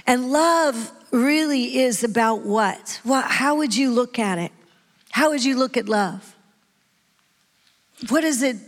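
Woman preacher, high voice, unhurried, animated, calls out to the room; long hall reverb. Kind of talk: sermon.

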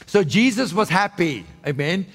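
A man's voice: high voice, very animated, moderate pace, creaky, a bit bright, big-room sound, soft background music. A man preaching a sermon in a conversational way, often checking in with "right?" and restarting his sentences. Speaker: pastor.

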